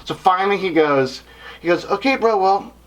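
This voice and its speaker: A man's voice: high-pitched, normal speed. A man in a band telling a story in casual chat, swearing often and acting out the voices of the people in it. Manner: animated, swears a lot, acts out voices in his stories. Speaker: band member, podcast co-host.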